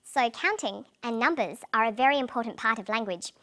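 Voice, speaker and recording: A woman presenting an English lesson in clear, deliberate scripted narration, slowing down on example words. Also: on the high side, animated, pushed and bright.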